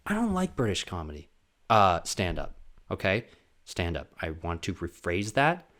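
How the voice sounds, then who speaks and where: A man hosts a solo podcast in a casual, rambling, profane monologue. His voice sits fairly low but jumps around a lot, and he keeps cracking jokes as he talks. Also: wildly swooping pitch, moderate pace, fairly bright tone. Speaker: podcast host.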